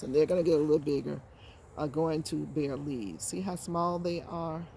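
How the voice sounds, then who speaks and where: A woman's voice: fairly low pitch, slight background noise. Chatty woman gardening outdoors. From Georgia, USA. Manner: chatty, repeats words for emphasis, talks straight to viewers. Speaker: gardening channel host. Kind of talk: casual how-to vlog.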